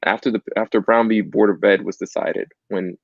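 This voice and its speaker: A male interview guest making an earnest, measured argument over dull, lo-fi call audio. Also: fairly low pitch, steady tone, vocal fry, dry recording. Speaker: guest, civil rights organization representative. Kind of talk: conversational interview.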